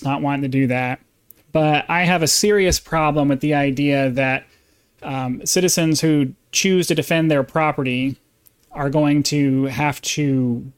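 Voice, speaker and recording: A man's voice: fairly high pitch, clean tone. A man hosting a podcast, delivering an emphatic, insistent opinion monologue with frequent restarts. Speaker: podcast host.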